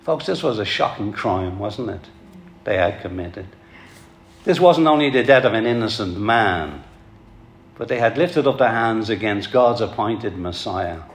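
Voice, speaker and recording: A man's voice: lowish voice, animated, a little slow. Earnest male preacher in an echoey hall. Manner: earnest, pleading, addresses the congregation as folks. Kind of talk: sermon.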